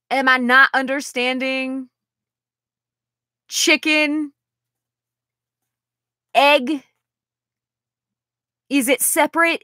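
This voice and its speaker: A woman's voice: fairly high pitch, pushed and bright, no room sound, studio quality. A young woman rambling in a casual vlog, exasperated and sighing as she talks. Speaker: vlogger.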